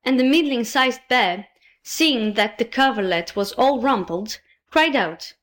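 A woman narrating a fairy tale with expressive, playful emphasis. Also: on the high side, a little slow. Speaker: storyteller. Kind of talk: storybook narration.

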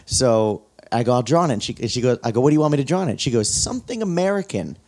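A man's voice: medium pitch, rapid-fire, darkish tone. Chill guy cohosting a podcast, tells stories and does the customers' voices. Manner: laid-back storyteller, acts out customers. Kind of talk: casual podcast chat.

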